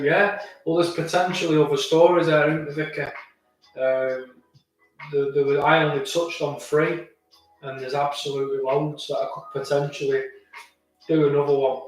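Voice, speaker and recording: A man's voice: fairly high pitch, distant mic. A rambling, chatty man talks through viewers' comments on a live stream. His voice bounces around a very echoey room and sits a little away from the microphone. Faint music plays underneath. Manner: rambling, chatty, with many restarts and fillers. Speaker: vlogger answering live chat. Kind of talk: casual live chat.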